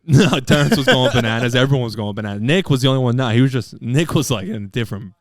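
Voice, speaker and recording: A man's voice: medium pitch, animated, fast, no room sound, clean studio sound. A man co-hosting a podcast, telling a long story in loose, profane, laughing casual chat. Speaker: podcast co-host. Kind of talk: casual storytelling among friends.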